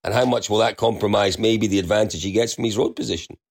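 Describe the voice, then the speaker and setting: A man's voice: on the low side, quick pace, vocal fry, slightly rough. A man in a casual rally chat, chuckling and posing long questions to his co-hosts. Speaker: podcast co-host.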